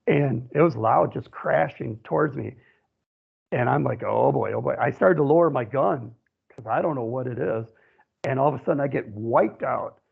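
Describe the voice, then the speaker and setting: A man's voice: medium pitch, normal speed, creaky, husky. A man from central Wisconsin, a guest on a radio show, telling a long personal story in a rambling way, often saying "you know". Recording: tinny phone line.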